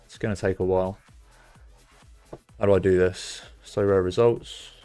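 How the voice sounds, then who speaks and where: A young British man chatting casually on a live stream, reacting loudly to results and bursting into cheers and swearing. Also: sits low, fairly even intonation, normal speed, clean tone, soft background music. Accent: British English. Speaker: streamer hosting a fantasy football stream. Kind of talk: casual live-stream chat, reading out chat messages.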